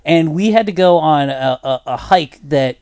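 A man's voice: fairly high pitch, animated, normal speed, darkish tone, clean tone, dry recording, clean studio sound. A man telling a long travel story in a casual podcast chat, full of fillers and quoted voices. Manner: rambling storyteller, many fillers and acted quotes. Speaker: podcast host.

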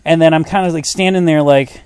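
Animated storytelling man. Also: on the high side, brisk, clear, resonant tone, dry recording. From United States. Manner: animated, swears freely, acts out voices in stories. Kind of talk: casual chat, storytelling.

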